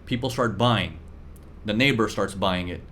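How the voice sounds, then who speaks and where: A man teaching traders in a live class, talking lively and acting out the voices of buyers and sellers. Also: on the low side, moderate pace, a little hiss or hum. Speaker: trading mentor.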